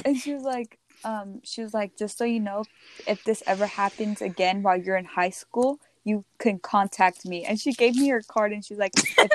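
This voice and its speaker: A teenage girl telling a story in casual chat, animated and often laughing as she quotes others. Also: mid-range voice, a little hiss or hum. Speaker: podcast co-host.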